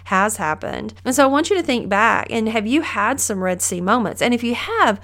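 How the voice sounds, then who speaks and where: Very animated and speaking at a moderate pace, a middle-aged podcast host with a somewhat bright, high-leaning voice teaches from the Bible. Her lesson is casual yet earnest, a devotional talk where she asks her listener questions.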